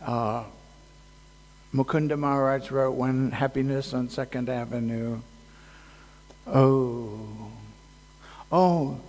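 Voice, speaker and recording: Slow-talking man in a reverberant hall. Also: mid-range voice. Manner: halting, joking, many fillers. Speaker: speaker at a temple festival. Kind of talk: casual devotional talk.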